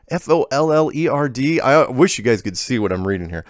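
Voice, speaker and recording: A man's voice: medium pitch, expressive, a little fast, hardly any pauses, no echo, clean studio sound. A man hosting a casual email Q&A show, reading viewer letters aloud with offhand, stumbling restarts and wry asides.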